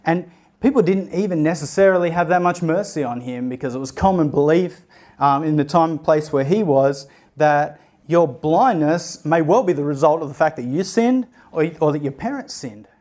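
A man's voice: fairly high pitch, moderate pace, darkish tone. A young man giving a sermon, telling a story and acting out the voices of the people in it. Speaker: preacher.

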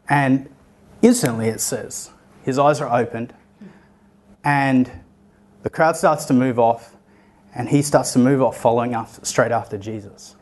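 A man's voice: medium pitch, a little slow, pauses often, a little mellow. A young man giving a sermon, telling a story and acting out the voices of the people in it. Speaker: preacher.

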